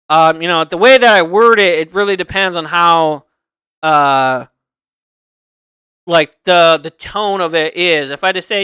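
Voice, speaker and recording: A man's voice: high-pitched, normal speed, sharp tone, smooth, no echo. A man hosting a livestream, chatting casually and earnestly, rambling and circling back to repeat his points. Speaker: livestream host. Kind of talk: casual unscripted chat.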